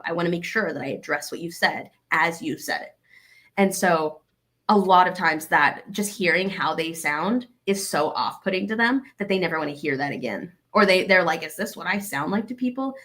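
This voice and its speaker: Young woman guest from Arkansas, slightly low voice, animated storyteller who voices both sides of exchanges. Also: moderate pace. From Arkansas, USA. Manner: animated, acts out both sides of quoted dialogue. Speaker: guest, comedian. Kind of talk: conversational interview.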